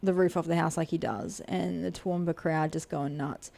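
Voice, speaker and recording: A woman's voice: sits low, fairly even intonation, moderate pace, gravelly, mellow. A woman, a fight promoter co-hosting a podcast, chatting casually in a rambling way, swearing freely and acting out quotes.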